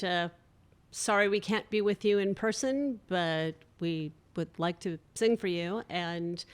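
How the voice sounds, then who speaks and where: A woman's voice: mid-range voice, a bit bright, smooth. Woman casually introducing her song. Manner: friendly, slightly apologetic, with hesitations.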